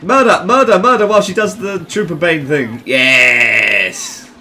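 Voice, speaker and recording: A man giving casual gameplay commentary, excitable and jokey, swearing often. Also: on the high side, slow. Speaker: gamer.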